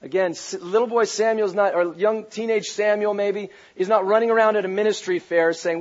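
A pastor preaching a sermon, animated and playful, raising his voice to a shout for emphasis. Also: high voice, brisk, hardly any pauses. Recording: dull lo-fi recording.

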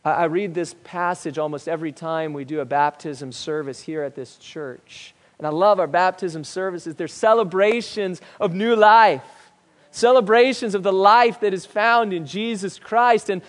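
A pastor delivers an emphatic sermon in a church sanctuary, swinging between loud and hushed. His high voice moves at a normal speed, and the recording carries the long reverb of the church hall.

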